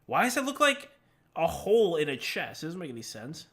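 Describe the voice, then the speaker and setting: A man's voice: a little high, huge pitch swings, fairly quick, vocal fry, a bit bright. A man chatting casually on a live stream, rambling and laughing often as he answers questions from chat while he plays.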